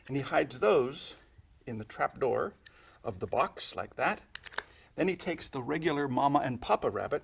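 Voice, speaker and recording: A man's voice: medium pitch, creaky, husky. A man demonstrating sponge-ball magic step by step, chatty and playful, adding little sound effects as he goes. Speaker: magic instructor. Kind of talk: instructional magic tutorial.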